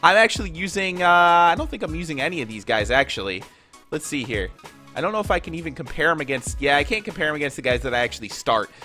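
A man's voice: fairly high pitch, expressive, fast, bright, forceful tone, faint music behind. A congested young man with a nasal voice from Minnesota, casually chatting to viewers as he opens card packs in a video game. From Minnesota, USA. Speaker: gaming YouTuber. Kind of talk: pack opening commentary.

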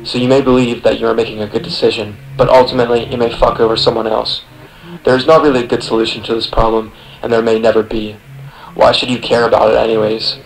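A man's voice: medium pitch, level tone, quick pace, vocal fry, rough recording. A young man reading a scripted voice-over for a video essay, sardonic and profane, speaking straight to the listener. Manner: sardonic, profane, second-person address.

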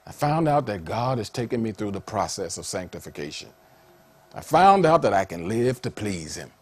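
A man a sermon in an animated way, laughing often and rising to high excited calls. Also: moderate pace, slightly rough. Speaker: preacher.

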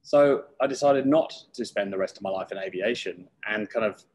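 A middle-aged man speaks as a guest in a relaxed interview. His voice is low and a little husky. He tells stories with lively energy and slips into acted voices when he quotes people. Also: brisk, poor audio. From United Kingdom. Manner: lively storyteller who acts out quoted voices. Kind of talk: casual interview storytelling.

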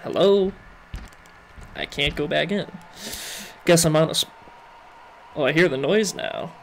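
A man's voice: a little high, unhurried, creaky, a little hiss or hum. A young man giving playful, joking let's-play commentary as he works through a game. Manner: playful, jokey, chatty with game characters. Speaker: gaming video host.

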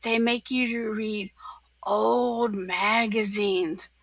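A woman's voice: high-pitched, sing-song, normal speed, no room sound, full character voice. A woman doing a goofy, dim starfish. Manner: goofy, sudden loud outbursts. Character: dim-witted cheerful male starfish.

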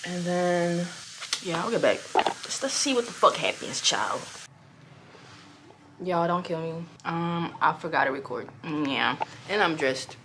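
A hoarse young woman vlogging casually in a hotel room, rambling loosely and swearing now and then. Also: lowish voice, lively intonation, unhurried, background noise. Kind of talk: casual vlog chat. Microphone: small clip-on mic.

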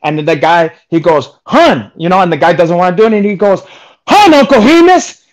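A co-host in a casual chat talks fast in a voice on the high side. He rambles and swears, restarting his sentences often.

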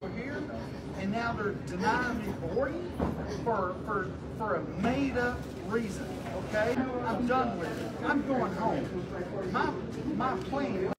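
A man with a drawl rants and swears at airport staff, stumbling over his words and repeating himself. His voice swings widely up and down. He is caught on a phone from across a roomy terminal full of loud noise. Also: very high-pitched, expressive, measured pace, recorded from a distance. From Texas, United States. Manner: shouting, profane, repeats himself and stammers. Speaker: stranded airline passenger. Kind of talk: angry public rant.

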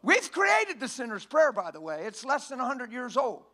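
A man preaching a sermon in a church, folksy and emphatic, often rising to a shout. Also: extremely high pitch, huge pitch swings, normal speed.

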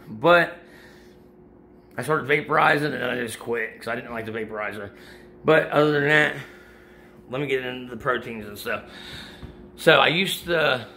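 Pitched in the middle range with vocal fry, this man's voice sounds pushed and bright over a light hiss or hum. He's a middle-aged vlogger giving supplement tips, winded after a workout, casually talking gear and supplements while rambling and starting his sentences over.

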